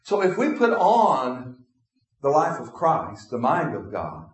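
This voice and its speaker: Preacher in an echoey hall. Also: male voice, a little high, wildly swooping pitch, slow pace. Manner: acts out imagined dialogues with congregation. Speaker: pastor. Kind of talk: sermon.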